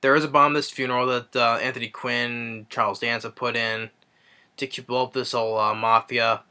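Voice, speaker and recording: A man's voice: mid-range voice, little pitch movement, normal speed, bright, forceful tone, clean tone. A man giving a casual spoken movie review, retelling scenes eagerly with many fillers and restarts.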